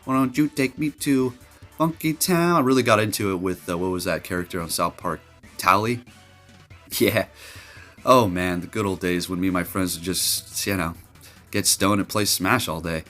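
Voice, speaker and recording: A man giving casual, jokey commentary over his gameplay, getting loud and excited and laughing at his own jokes. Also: low-pitched, normal speed, faint music behind. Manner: animated, jokey, excitable, trash-talking. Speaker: gaming commentator.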